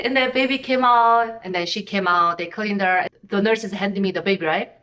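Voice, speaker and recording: A young woman from North Korea with a Korean accent, telling a personal story in halting, candid English that often breaks into laughter. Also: medium pitch, sharp tone. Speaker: vlogger. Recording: roomy echo, mic at a distance.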